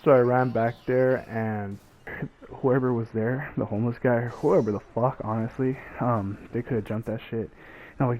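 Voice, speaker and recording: A man's voice: medium pitch, moderate pace, lo-fi sound, a little hiss or hum. A young man telling a story in casual, profane speech, acting out what people said. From Mexican family. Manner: profane, animated retelling with acted quotes.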